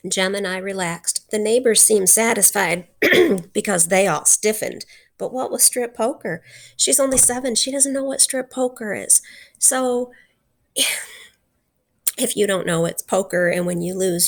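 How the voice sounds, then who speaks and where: A woman's voice: medium pitch, a little slow, creaky. A woman teacher retelling and explaining a novel chapter in a chatty way, with lots of fillers and bits of acted-out dialogue.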